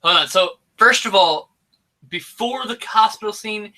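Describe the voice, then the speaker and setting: On a casual podcast about movies, a male co-host retells a film's scenes with animation and exasperation, mimicking its lines. His voice is high-pitched, bright and forceful, delivered at a measured pace.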